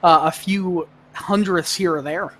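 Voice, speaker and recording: A man's voice: high voice, steady tone, unhurried, sharp tone. A man giving color commentary on an online race, chatty and rambling, often laughing. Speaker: sim racing color commentator.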